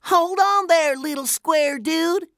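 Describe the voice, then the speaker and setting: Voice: very high-pitched, slow pace, gravelly, fairly bright tone, no echo, studio quality, voice pushed up, full character voice. A narrator voicing a feisty female karate squirrel with a folksy country drawl.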